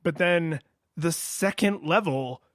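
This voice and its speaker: Slightly high, rambling podcast man. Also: takes it slowly, dry recording, clean studio sound. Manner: rambling, lots of fillers and restarts, acts out his own past excitement. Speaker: podcast co-host. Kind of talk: casual retro game review chat.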